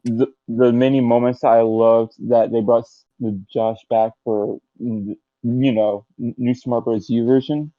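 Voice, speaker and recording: A man's voice: mid-range voice, dry recording. A young man chatting on a group podcast, hesitant and full of fillers. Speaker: podcast co-host. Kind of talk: casual group chat. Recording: muffled lo-fi mic.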